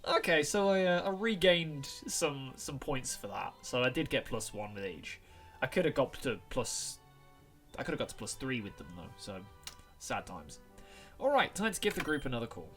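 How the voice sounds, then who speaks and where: A young man reading a visual novel aloud, chatting and joking between lines. His voice is bright and lively, rising and falling a lot. Quiet game music plays underneath. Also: medium pitch, moderate pace. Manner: jokey, laughs at his own jokes. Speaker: gaming video creator.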